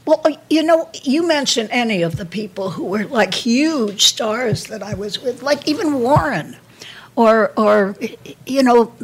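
Husky-voiced older New woman. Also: a little high, animated. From New York. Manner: halting, with frequent restarts and repeated words. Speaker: guest, actress. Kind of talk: candid reminiscing interview.

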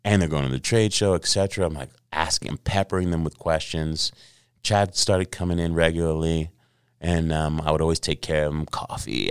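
A middle-aged man, a podcast guest, telling stories in a casual interview, animated and profane, acting out the voices of people he quotes. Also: sits low, normal speed, smooth, no room sound, clean studio sound.

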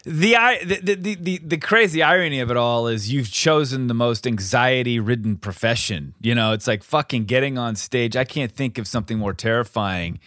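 A man's voice: medium pitch, moderate pace, hardly any pauses, a bit bright, no echo, studio quality. A man co-hosting a podcast in casual chat, stammering through restarts and swearing casually. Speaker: podcast co-host.

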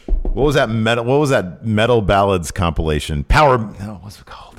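A man co-hosting a casual chat show, animated and joking, his voice jumping high when he gets excited. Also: fairly quick, a little hiss or hum. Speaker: podcast co-host.

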